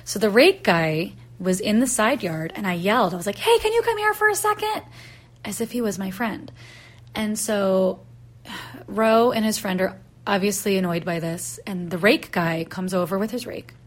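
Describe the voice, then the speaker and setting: A woman's voice: medium pitch, normal speed. A woman in her thirties, a podcast host telling a personal story and acting out the voices in the dialogue she quotes. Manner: animated, acts out voices in quotes.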